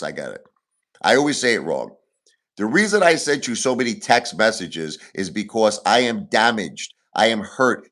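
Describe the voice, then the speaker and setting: A livestream host in full rant, repeating himself as he vents his grievances. His voice swings widely in pitch, rising and dropping as he presses each point. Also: a bit bright. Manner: agitated, repetitive, venting grievances.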